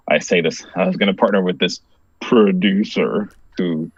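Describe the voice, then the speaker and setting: A comic book creator, male, is being interviewed and tells a story in a loose, rambling way, packing in filler words, especially "like," and laughing often. His voice is low, and the audio is dull with no echo.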